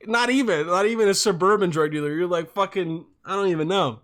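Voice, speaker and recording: A man's voice: sits high, fairly quick, few pauses, fairly bright tone. A young man in his twenties hosting a solo podcast, rambling and profane, jumping between topics. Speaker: podcast host.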